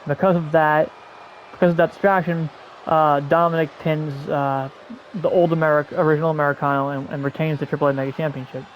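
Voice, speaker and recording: A man's voice: fairly high pitch, level tone, brisk, a little hiss or hum, poor audio. A man hosting a podcast, rambling through a casual wrestling recap with many restarts and repeated words. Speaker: podcast host.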